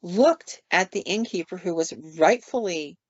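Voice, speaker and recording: A woman's voice: on the low side, expressive, a little slow, no room sound. A woman co-hosting a podcast, casually retelling ghost stories with fillers and quoted asides. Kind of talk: storytelling on a podcast. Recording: dull lo-fi dry sound.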